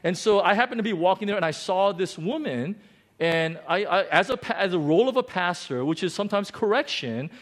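Male pastor, 40s, high-pitched. Animated, self-deprecating sermon storyteller. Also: a little fast.

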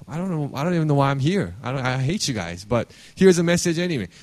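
A man's voice: mid-range voice, big pitch swings, fast talker, darkish tone, no room sound, natural voice. A man voicing a rude, contemptuous male guest preacher who talks in a grudging, dismissive way.

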